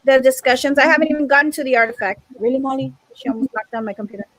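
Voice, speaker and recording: A woman's voice: high voice, racing, fairly bright tone, no echo, low-quality recording. A woman teacher speaking in a group meeting, exasperated and emphatic, repeating her points. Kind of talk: frustrated discussion in a group meeting.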